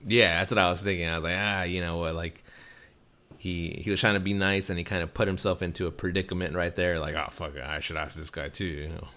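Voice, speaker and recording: A man's voice: low-pitched, fast. A young man hosting a podcast, telling a casual, profanity-heavy story and acting out the people in it. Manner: animated, swears a lot, acts out quoted people. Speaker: podcast host.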